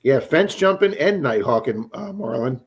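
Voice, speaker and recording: A man's voice: medium pitch, animated, moderate pace, breathy edge. Rambling man hosting a live stream. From Florida. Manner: rambling storyteller, repeats words when starting sentences. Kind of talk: casual live stream chat.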